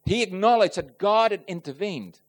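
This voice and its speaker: A man preaching a personal testimony to a congregation, earnest and emotional, swelling loud on key points and asking the listeners direct questions. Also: high voice, lively intonation, moderate pace. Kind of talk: sermon testimony.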